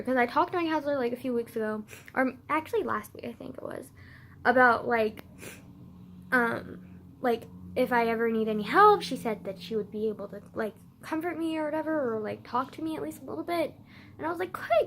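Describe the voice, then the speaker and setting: A teenage girl telling a story in a casual rant, peppered with "like" and swearing, dropping to low mutters and then flaring up loud. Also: slight background noise. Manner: swearing, frequent "like" fillers, swings from low mutters to loud outbursts. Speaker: vlogger.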